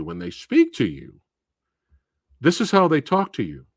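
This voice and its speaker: A man hosting a live stream, talking about a film in an animated, profane way with frequent laughs. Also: on the high side, moderate pace, husky, no echo, studio quality. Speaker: movie reviewer and host. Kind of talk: casual live-stream movie talk.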